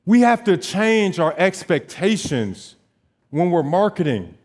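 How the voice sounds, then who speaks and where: A notary business owner in his twenties gives an animated motivational talk on stage, telling his story and acting out bits of dialogue. His voice is high, and he speaks unhurriedly, pausing often.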